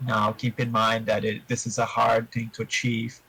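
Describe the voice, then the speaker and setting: A man answering interview questions about his tabletop game in a measured, explanatory way, giving advice to other players. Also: mid-range voice, monotone, creaky, pushed and bright, husky, low-quality recording.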